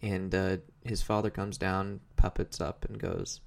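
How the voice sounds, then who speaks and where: Low gravelly man hosting a podcast. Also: level tone, unhurried. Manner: rambling, stumbling over words. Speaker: podcast co-host. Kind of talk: casual comedic recap chat.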